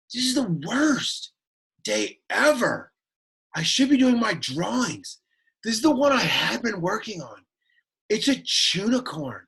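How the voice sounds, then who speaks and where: A man doing a whiny, gravelly, exasperated teen. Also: sits high, exaggerated voice. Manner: deadpan, whiny, easily annoyed. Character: sullen awkward teenage boy, exasperated and bored. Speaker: Latin teacher. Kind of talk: Latin lesson in character.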